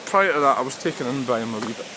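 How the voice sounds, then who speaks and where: Walking outdoors beside a river, a man from Scotland talks casually to his camera, his mid-range voice full of lively intonation. The vlogger rambles, occasionally swearing, as a stream rushes in the background.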